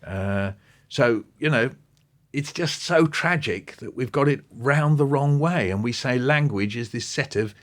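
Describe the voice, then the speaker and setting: A man, an interview guest talking with lively enthusiasm and acting out bits of what he describes. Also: mid-range voice, measured pace. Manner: animated, quoting and acting out passages. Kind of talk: podcast interview.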